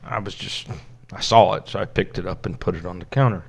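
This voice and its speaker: A man's voice: deep voice, fairly quick, vocal fry, a little mellow. A man, a pastor, telling a personal story in a conversational sermon, acting out the dialogue and laughing now and then. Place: church.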